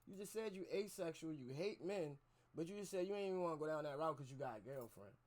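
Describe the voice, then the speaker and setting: Male reaction streamer, skeptical street-slang commentary aimed at chat, mid-high voice. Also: expressive, fast talker, darkish tone.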